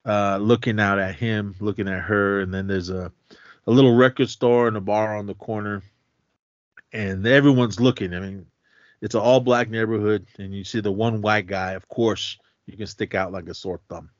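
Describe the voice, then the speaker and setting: A man co-hosting a podcast, casually retelling a film scene by scene in an animated way and slipping into the characters' lines. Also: lowish voice, moderate pace, no room sound, muffled recording. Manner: animated retelling, jumps into quoted voices. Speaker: podcast co-host. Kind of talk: casual movie recap.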